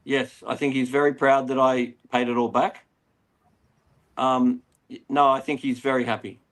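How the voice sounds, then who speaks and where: A man's voice: mid-range voice, normal speed. A middle-aged Australian man, an aquarium retailer, chatting casually as a guest and rambling through stories. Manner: rambling, animated storyteller. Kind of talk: casual interview chat.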